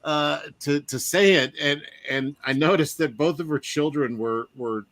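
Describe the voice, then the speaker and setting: A man's voice: fairly high pitch, unhurried, fairly bright tone, no room sound. A man co-hosting a casual podcast chat, laughing often and telling anecdotes. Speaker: podcast co-host.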